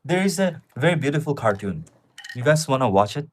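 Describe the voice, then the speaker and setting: A man's voice: mid-range voice, very animated, a little fast. A man in his twenties with an Asian accent in English, chatting on a live stream and reading viewers' questions aloud before answering them in a rambling way. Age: 20s.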